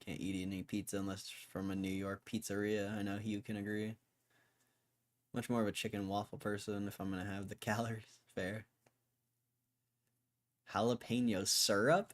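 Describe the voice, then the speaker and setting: A man's voice: lowish voice, fairly even intonation, moderate pace, long pauses. A young man from Connecticut hosting a livestream, reading headlines and making wry, offhand comments in casual chat. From Connecticut, USA. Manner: laid-back, wry, offhand remarks. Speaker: livestream host.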